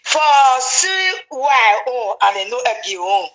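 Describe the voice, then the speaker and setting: Excitable high-voiced Nigerian woman. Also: takes it slowly, poor audio. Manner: excitable, switches into pidgin, laughs often. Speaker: gossip commentator. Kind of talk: casual chat.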